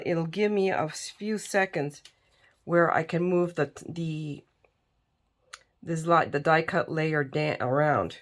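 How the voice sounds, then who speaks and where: Tired, chatty woman with a gravelly voice. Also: sits low. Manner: chatty, tired, talks while working. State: tired and yawning. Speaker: crafting video host. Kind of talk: casual crafting tutorial chat.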